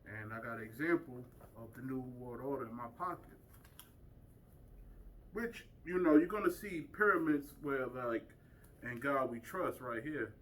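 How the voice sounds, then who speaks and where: A man teaching a small group in a loose, emphatic lecture, firing off rhetorical questions. His voice is mid-pitched and sits back from the microphone, with a faint hiss of noise underneath. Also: expressive, normal speed, fairly bright tone, far from the mic, low-quality recording. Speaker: community speaker teaching a group. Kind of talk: informal lecture to a small audience.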